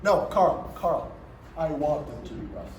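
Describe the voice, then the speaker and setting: A male student actor joking loudly and teasing his classmates on a film set. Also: fairly high pitch, animated, measured pace, noisy background. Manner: loud, teasing, clowning. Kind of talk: playful on-set banter.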